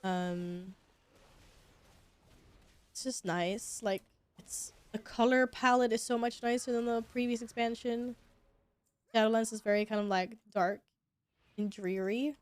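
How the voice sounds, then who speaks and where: Slightly high-pitched and a little slow, her voice pauses often. The young woman streams gameplay with casual commentary, talking to her chat as she plays and swearing casually from time to time.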